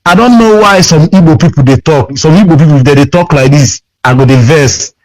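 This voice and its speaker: A man's voice: fairly high pitch, fast. A Nigerian man calling in to a radio show, complaining in an aggrieved, repetitive, pleading way over a phone line. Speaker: caller.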